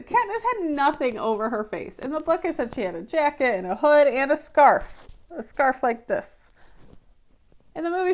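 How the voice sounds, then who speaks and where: Woman, vlogger, slightly high voice, animated, exasperated, chatty commentary. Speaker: book-to-movie review vlogger. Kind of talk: casual on-camera commentary.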